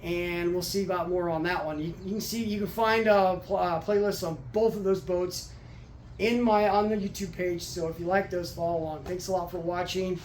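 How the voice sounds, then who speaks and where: A man with a fairly high voice talks his way through a home workshop project, rambling and restarting his sentences. He sounds a little out of breath. The garage around him is echoey, with a faint hum of noise behind. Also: steady tone. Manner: rambling, halting, many restarts. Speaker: garage channel host. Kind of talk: casual workshop vlog.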